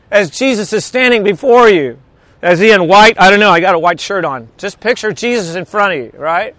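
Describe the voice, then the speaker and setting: A man's voice: sits high, brisk, a bit bright, dry recording. A man preaching a sermon in a conversational, storytelling way, mixing humor into scripture reading. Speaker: pastor.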